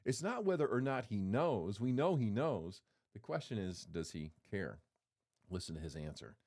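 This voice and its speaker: A man's voice: on the low side, big pitch swings, moderate pace, darkish tone. A man preaching a sermon in a conversational, playful way, acting out quotes as he goes. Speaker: pastor.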